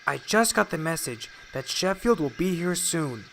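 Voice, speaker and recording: A man voicing a calm male engine driver who soothes his engine. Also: fairly high pitch, normal speed, creaky, slight background noise. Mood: soothing.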